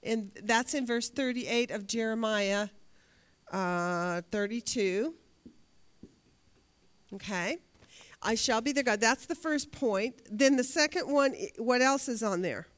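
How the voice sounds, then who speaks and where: A woman's voice: a little high, slow pace, long pauses. Woman teaching a Bible lesson. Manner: asks the class questions, reads scripture aloud.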